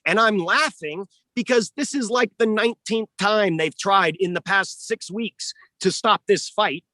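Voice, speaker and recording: A man with a notably high voice rants hard in an interview, cursing and jabbing at his targets. He is the coach and manager defending his fighter. The sound is dry and close, with no room echo. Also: a little slow, sharp tone. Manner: combative ranting, profane. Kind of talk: heated interview talk.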